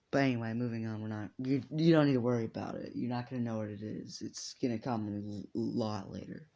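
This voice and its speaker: A man's voice: medium pitch, a little mellow, dull audio. A man improvising a fan story aloud, rambling and swearing casually as he goes. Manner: rambling, profane, off-the-cuff.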